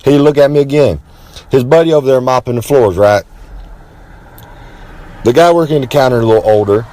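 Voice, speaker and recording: A man's voice: medium pitch, dark tone, no room sound. Brash man telling a story. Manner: brash and boastful, talks about himself in the third person; swaggering, with drawn-out dramatic emphasis. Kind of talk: rambling comic storytelling monologue.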